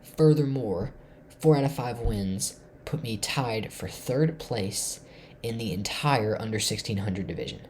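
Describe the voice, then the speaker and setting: A man from Tennessee excitedly walking through his chess game, thinking aloud and swinging between loud bursts and hushed asides. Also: on the low side, unhurried, a little hiss or hum. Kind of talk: excited game recap to camera.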